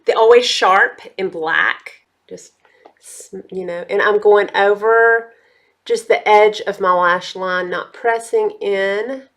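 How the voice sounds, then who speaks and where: A woman's voice: mid-range voice, a bit bright. A woman chatting casually through a makeup tutorial, talking straight to her viewers. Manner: chatty, addresses viewers as y'all. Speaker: beauty vlogger.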